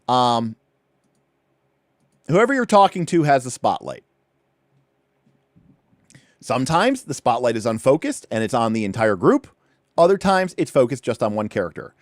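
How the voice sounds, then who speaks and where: A man hosting a livestream, casually walking through a rulebook, with animated, chatty asides and points repeated for emphasis. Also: mid-range voice, no echo, clean studio sound. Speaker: livestream host.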